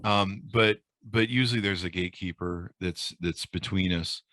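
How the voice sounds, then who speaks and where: A man being interviewed, telling a story in casual chat, with lively quoted voices and frequent fillers. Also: low voice, normal speed, no room sound. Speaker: podcast host and guest.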